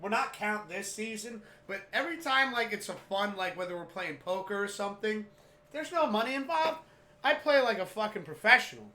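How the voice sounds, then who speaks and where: High, bright animated man telling stories. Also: fairly quick, echoey room. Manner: animated storyteller, swears, loud excited outbursts. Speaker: podcast co-host. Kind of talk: casual sports chat.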